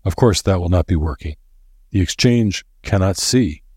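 Guy doing a grim old professor, solemn, husky and dry, bit higher than his own voice. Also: normal speed, darkish tone, no room sound.

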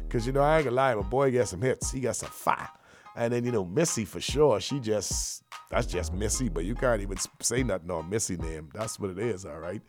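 A man hosting a radio show, talking in loose, slangy, joking patter full of shout-outs. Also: mid-range voice, vocal fry. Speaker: radio host.

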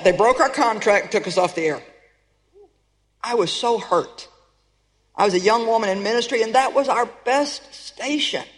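A woman preacher giving an emphatic sermon, calling out to her audience with rhetorical questions. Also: medium pitch. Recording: long reverb of a large hall.

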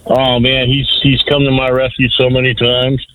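A man's voice: medium pitch, completely flat delivery, normal speed, background noise. A man calling into a radio show, telling a rambling story with restarts and fillers. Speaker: caller.

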